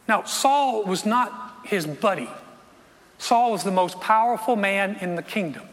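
Emphatic preacher guy, strained voice, high and bright, big hall reverb behind him. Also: lively intonation, moderate pace. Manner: emphatic, repeats words, drops to quiet intense tones. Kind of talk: sermon.

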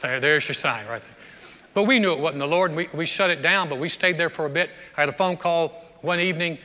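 A male pastor delivers a sermon in a high, bright voice, speaking conversationally and often doubling back to repeat his words. He is recorded in a large church sanctuary, where a long reverb trails after his lines. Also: fast. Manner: conversational preaching with frequent word repeats.

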